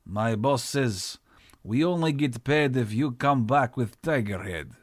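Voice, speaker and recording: A man voicing a stern, curt Russian guide with a thick Russian accent who speaks slowly in few words. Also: medium pitch, lively intonation, no echo, clean studio sound.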